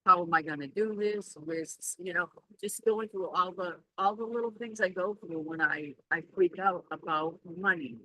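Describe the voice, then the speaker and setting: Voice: mid-range voice, normal speed, bright, forceful tone, no echo, low-quality recording. A Reiki practitioner talking casually in a spiritual vlog, rambling and reflective as they reassure themselves aloud.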